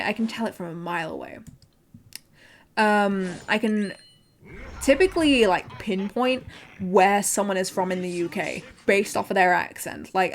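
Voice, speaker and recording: A chatty, rambling woman streamer with an accent that blends British and American sounds. She grew up in northern England and talks in a casual, easily excited way, at a middle pitch with a faint hiss behind her. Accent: mixed British and American. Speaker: VTuber streamer. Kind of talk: casual stream chat while gaming.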